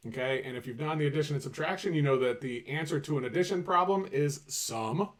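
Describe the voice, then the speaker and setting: A math teacher presents an upbeat video lesson, energetic and joking as he addresses viewers directly. His mid-range voice moves fairly quickly and sounds recorded from a distance.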